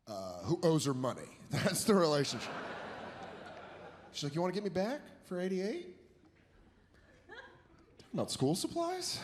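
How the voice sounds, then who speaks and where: A young man doing a profane, animated stand-up routine on stage, jumping into exaggerated quoted voices. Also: on the high side. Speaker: stand-up comedian. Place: stage before a live audience. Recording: live show with audience noise.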